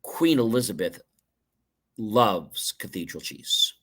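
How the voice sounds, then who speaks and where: A man's voice: on the low side, lively intonation, takes it slowly, fairly bright tone. A man hosting a livestream, giving a motivational talk about asking good questions and acting out short dialogues playfully. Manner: playful, lingers on words, acts out dialogue. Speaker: livestream host. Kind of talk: motivational talk with acted examples.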